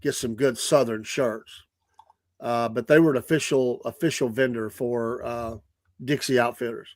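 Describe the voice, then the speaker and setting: A man's voice: mid-range voice, fairly even intonation, normal speed, no echo. A man in his sixties co-hosting a casual chat show, ribbing his partner in an easygoing way. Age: 60s. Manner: teasing, easygoing. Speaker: show co-host.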